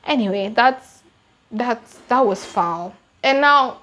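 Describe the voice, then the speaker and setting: A young Kenyan woman with a Kenyan English accent recounting a true-crime case in an animated, slangy, emphatic way. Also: on the high side, normal speed. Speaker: YouTuber. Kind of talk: true-crime storytime vlog.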